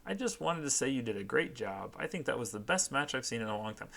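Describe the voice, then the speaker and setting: A man's voice: medium pitch, very animated, fast talker, creaky, bright, forceful tone, full character voice. A man reading aloud, giving an upbeat, praising young male friend a raised voice in a fan story.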